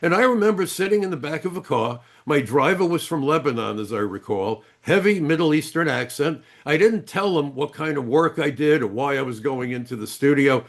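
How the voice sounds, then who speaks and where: A man's voice: fairly high pitch, expressive, a little fast, gravelly, few pauses. An older man, a retired immigration agent, speaking as an interview guest with blunt, emphatic storytelling.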